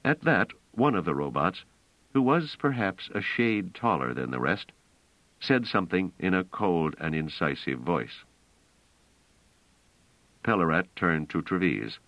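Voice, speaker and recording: A man with a very deep voice narrates an audiobook, his pitch moving in a lively, expressive way. His reading is measured and clear in pacing. The recording is dry and a little dull. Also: no echo. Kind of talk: scripted narration.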